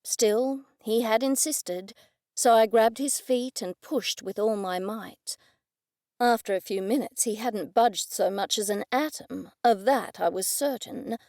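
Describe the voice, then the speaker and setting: A woman narrating a first-person mystery audiobook in a clear, even storytelling delivery. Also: fairly high pitch, measured pace, dry recording, studio quality.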